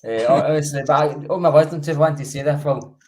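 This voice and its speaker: A man's voice: fairly high pitch, fast talker. A Scottish man in his late thirties, a podcast co-host telling rambling, self-mocking, sweary stories in casual chat. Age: 30s.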